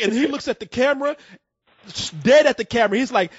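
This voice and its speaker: A man with a high, very lively voice hosts a call-in show, retelling stories with excited bursts. His voice is husky and sits close to a dry, dull-sounding mic. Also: a little fast, no room sound. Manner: excitable storyteller, acts out scenes with loud bursts. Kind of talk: casual call-in chat.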